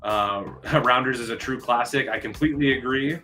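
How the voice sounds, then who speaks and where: A man hosting a live movie news stream, chatting excitedly with viewers and answering their comments. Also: medium pitch, normal speed, faint music behind.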